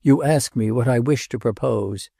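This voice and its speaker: A man playing a mournful, hoarse nobleman. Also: moderate pace, mellow, no room sound, clean studio sound. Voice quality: deep, hoarse. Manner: mournful, sighing. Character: melancholy aristocratic prince, deep and hoarse. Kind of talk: audiobook character voice.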